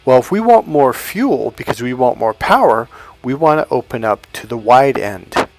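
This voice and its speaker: A man's voice: medium pitch, lively intonation, moderate pace. A middle-aged man coaching in a blunt, emphatic way. He swears freely and repeats phrases for stress. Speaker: dating coach. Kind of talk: coaching talk to camera.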